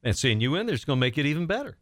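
A man hosting a radio show in casual chat, easygoing and quick to laugh. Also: a little high, sing-song, fairly bright tone. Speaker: radio host.

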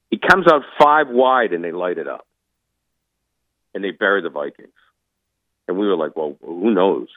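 Animated man ranting on a phone line. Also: low voice, moderate pace, long pauses, dry recording. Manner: animated, opinionated, emphatic rants. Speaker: guest sports commentator. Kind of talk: casual radio interview.

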